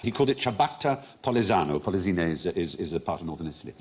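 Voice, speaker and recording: A man's voice: deep voice, rapid-fire. A middle-aged man hosting a comedy quiz show, explaining odd facts with relish and laughing often. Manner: lively, erudite, laughing often. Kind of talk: witty panel-show hosting.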